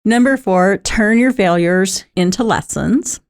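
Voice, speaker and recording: A woman's voice: medium pitch, measured pace. A middle-aged woman talking candidly about keeping a positive mindset, conversational with lots of fillers and laughter. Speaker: talk host. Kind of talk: personal talk on positive mindset.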